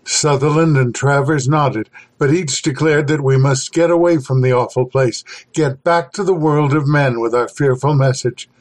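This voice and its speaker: Man, scripted horror narration, mid pitch, measured and dramatic. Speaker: podcast host and reader.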